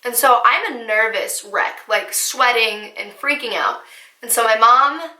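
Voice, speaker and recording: A young woman from New Jersey telling a casual storytime vlog in a chatty, animated way with lots of fillers. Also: a little high, unhurried. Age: young adult. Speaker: vlogger. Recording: echoey room.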